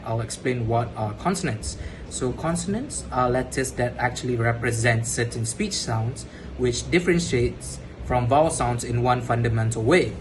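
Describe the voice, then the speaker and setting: A young man presenting as a student in an academic class presentation, explaining steadily with frequent pauses and fillers. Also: medium pitch. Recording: steady background noise.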